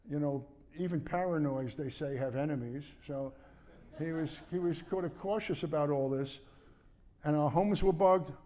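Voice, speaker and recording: A man's voice: fairly high pitch, dark tone, long reverb tail. An older man, a former prosecutor, recounting events in a rambling interview and acting out the dialogue. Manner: digressive, restarts sentences, acts out quoted dialogue.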